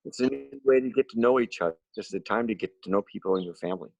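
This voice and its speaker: A man teaching a music lesson to his students from home, explaining slowly and simply and asking them questions. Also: fairly low pitch, vocal fry, highs cut off. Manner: slow, simple explanations with lively questions to children. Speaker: special education music teacher.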